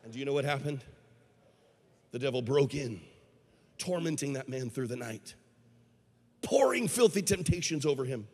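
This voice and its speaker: A man's voice: medium pitch, lively intonation, normal speed, pauses often, darkish tone. A man preaching a sermon, telling a parable with a dramatic delivery and putting questions to the crowd. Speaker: evangelist. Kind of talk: storytelling sermon. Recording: long hall reverb.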